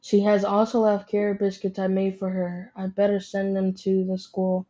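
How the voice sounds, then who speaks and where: Kindly rabbit aunt, woman narrator, storybook, even and mellow, lo-fi. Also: mid-range voice, moderate pace, natural voice. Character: kind motherly female rabbit aunt.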